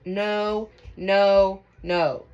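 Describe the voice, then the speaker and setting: A woman's voice: mid-range voice, fairly even intonation, extremely slow, clear, resonant tone, dull audio. Emphatic, profane woman tarot reader. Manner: emphatic, repetitive, profane, addresses viewers directly. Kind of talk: casual spiritual card reading.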